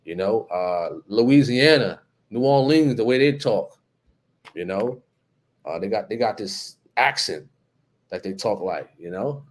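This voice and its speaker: Fairly low-pitched and expressive, this New Jersey man speaks unhurriedly in his home accent while running a relaxed live-stream chat. He reads out comments from viewers, says hello to them by name, and fills his talk with plenty of ums and uhs in an easygoing way.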